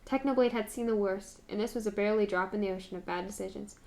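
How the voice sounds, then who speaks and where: A woman's voice: mid-range voice, quick pace, vocal fry, darkish tone. A woman streamer reading fan fiction aloud, now and then stumbling on words and restarting.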